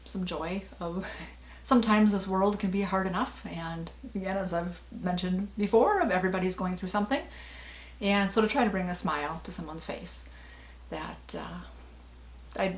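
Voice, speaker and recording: A woman's voice: on the low side, roomy sound. A middle-aged woman vlogging in a casual, rambling way, with many fillers and small laughs. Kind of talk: casual personal vlog talk.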